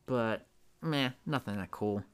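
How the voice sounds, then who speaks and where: A man's voice: on the low side, slow, clear, resonant tone. A young man chatting casually as a podcast co-host, laid-back and swearing freely. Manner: laid-back, swears, says dude a lot. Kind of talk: casual chat.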